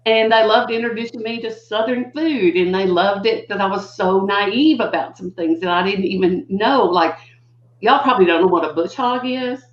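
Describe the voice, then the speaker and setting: A guest educator, an older woman, shares stories in a chatty, animated way at moderate speed, voicing quotes with dramatic pitch swings. Her audio is muffled and lo-fi, recorded in a roomy space.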